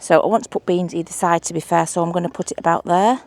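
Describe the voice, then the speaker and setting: A woman's voice: lowish voice, fairly even intonation, fast. A middle-aged woman with a Manchester accent, chatting casually and thinking aloud as she builds a trellis outdoors at her allotment for her vlog. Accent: Manchester English. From England. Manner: chatty, self-deprecating, thinks aloud while doing DIY. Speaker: allotment gardening vlogger. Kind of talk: casual vlog narration while working.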